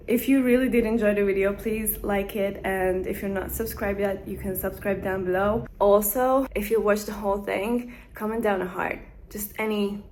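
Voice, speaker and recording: A woman's voice: mid-range voice, a little mellow. A young adult woman vlogging at home, chatting casually to the camera in a rambling way with lots of fillers. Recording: roomy echo, faint background noise.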